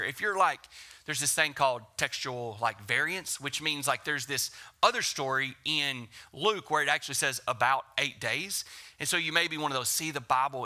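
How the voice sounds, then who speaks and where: A man in his thirties, a pastor preaching in a casual, conversational way, telling stories with acted quotes and dropping into hushed whispers. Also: mid-range voice. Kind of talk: sermon with personal stories.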